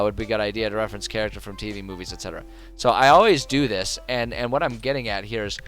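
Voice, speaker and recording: A man's voice: medium pitch, fairly bright tone. A young adult man from the United States, streaming and rambling through world-building notes, thinking aloud with lots of fillers and restarts. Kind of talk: casual livestream talk while world-building.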